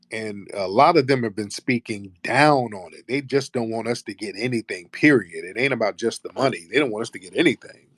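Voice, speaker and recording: A man's voice: medium pitch, no echo. Blunt, combative male radio host. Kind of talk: heated live call-in show.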